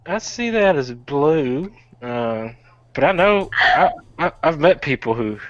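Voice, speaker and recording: A man's voice: fairly high pitch, lively intonation, slow, a bit bright, no echo. A man playing in a tabletop game, talking hesitantly with many false starts. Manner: hesitant, many fillers and restarts. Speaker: player. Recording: slightly dull lo-fi audio.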